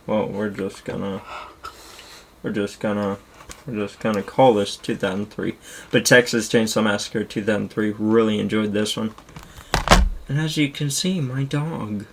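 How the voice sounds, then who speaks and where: A young man chatting casually and rambling excitedly as a streamer, with the odd curse word. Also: lowish voice, gravelly, background noise. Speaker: streamer showing his movie collection. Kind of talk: casual chat.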